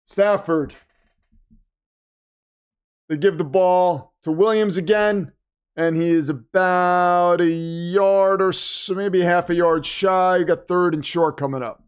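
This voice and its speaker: A man hosting a live watch party, reacting excitedly to the game and reading viewer comments aloud, his voice getting worn. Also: high voice, takes it slowly, clean tone. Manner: animated, exclaiming, reads chat aloud. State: losing his voice. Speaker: livestream host.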